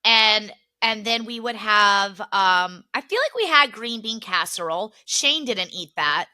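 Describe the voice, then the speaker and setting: A young woman co-hosting a podcast, telling family stories in a casual, animated way, laughing often and acting out what relatives said. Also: mid-range voice, a little slow. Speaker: podcast co-host. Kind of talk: casual chat, storytelling.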